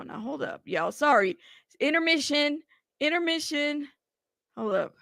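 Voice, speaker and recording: Brief: high-voiced woman host, bubbly, greets her chat, dry close mic. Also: animated, unhurried, gravelly, long pauses, no room sound. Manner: bubbly, shouting out chat members by name. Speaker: livestream host. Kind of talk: casual livestream chat. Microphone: plug-in mic at a computer.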